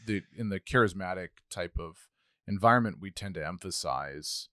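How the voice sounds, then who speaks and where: A man's voice: low voice, lively intonation, normal speed, fairly bright tone, no echo, clean studio sound. A middle-aged man co-hosting a casual talk, thinking aloud with many restarts. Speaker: podcast co-host, pastor. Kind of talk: casual conversation.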